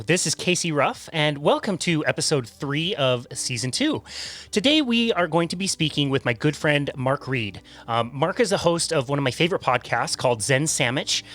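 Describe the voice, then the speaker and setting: A man hosting a podcast, friendly and quick to laugh, interviewing a guest. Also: mid-range voice, pushed and bright. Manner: friendly, laughs often, uses fillers. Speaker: podcast host. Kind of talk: casual interview chat.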